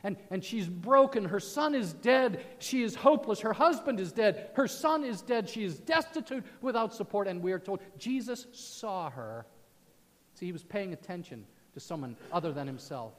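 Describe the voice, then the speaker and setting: A male pastor preaching a sermon, moving from loud proclamation to soft, hushed passages. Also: high-pitched, expressive, normal speed. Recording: long hall reverb.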